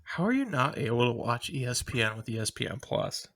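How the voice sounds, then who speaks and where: A man's voice: mid-range voice, very animated, a little fast, fairly bright tone. A young man co-hosting a casual podcast, rambling with fillers. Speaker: podcast co-host.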